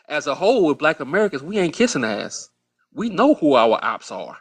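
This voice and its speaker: A man's voice: on the high side, very animated, brisk, a bit bright, breathy edge. A man giving blunt opinion commentary in a played clip, talking emphatically, repeating phrases and using plenty of slang.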